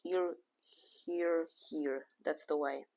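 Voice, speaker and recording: A woman giving casual, excitable running commentary on her own chess game, thinking aloud move by move and often scolding herself. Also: deep voice, slow. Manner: casual slang, says "bro" and "oh my god". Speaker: chess streamer.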